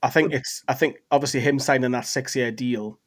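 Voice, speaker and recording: A man's voice: mid-range voice, a little fast. A man hosting a casual fan livestream, steadily steering the chat and reading out news. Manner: steady, reads breaking news aloud from screen. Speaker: fan channel host.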